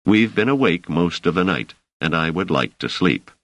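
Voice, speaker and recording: Brief: man voicing a deep-voiced, dryly exasperated scholar for an audiobook, close and dry. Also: lively intonation, normal speed, a bit bright, no echo. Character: wary male scholar, a guest in a strange place.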